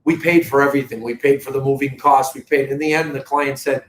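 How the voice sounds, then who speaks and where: A man's voice: mid-range voice, fairly even intonation, brisk, roomy sound, slight background noise, low-quality recording. A middle-aged man with a Boston accent hosting a live real estate update, talking to viewers in an earnest, emphatic sales manner. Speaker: real estate company host. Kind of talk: live video market update.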